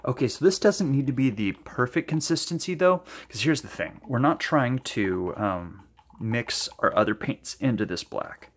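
An enthusiastic man mixes paint colors on camera for his paint-pouring channel, thinking aloud in casual demo talk. His voice is medium-pitched and expressive, at a moderate pace.

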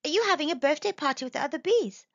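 Mallow, a woman doing a cheery squeaky mouse. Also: lively intonation, racing, dry recording. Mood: friendly. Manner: warm, welcoming, cheerful. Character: friendly, generous young male mouse. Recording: dull dry recording.

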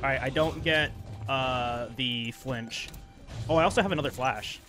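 A man's voice: medium pitch, moderate pace, over music. A man streaming a speedrun live, commenting on his gameplay and venting in frustrated rants. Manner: frustrated ranting, venting at the game.

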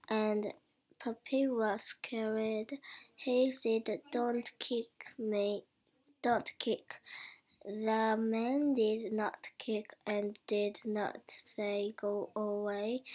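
Woman, English learner, reads her own story aloud; very slow, halting, slightly high voice, some words half-whispered. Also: a little mellow. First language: not English. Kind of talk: reading a short story aloud.

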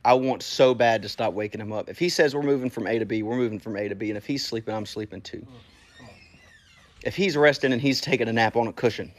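A man preaching a casual, animated sermon to a congregation, talking straight to them in a conversational way. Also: on the low side, fast talker.

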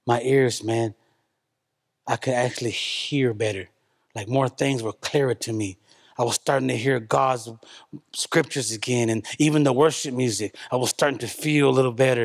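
A man's voice: mid-range voice, fairly even intonation, moderate pace. A man telling his congregation about a personal spiritual experience in an earnest, conversational way, often repeating himself and tossing in "man". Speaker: church member giving testimony. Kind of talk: emotional spoken testimony to a congregation. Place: church service.

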